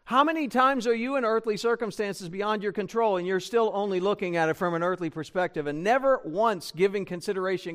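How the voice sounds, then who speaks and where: A man's voice: high-pitched, fairly quick, hardly any pauses, fairly bright tone. A man preaching a sermon as pastor, conversational and full of rhetorical questions to the congregation. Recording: church broadcast recording.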